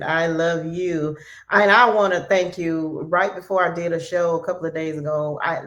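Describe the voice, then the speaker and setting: A woman hosting an interview, speaking earnestly and emotionally as she thanks her guest. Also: low voice. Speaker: host.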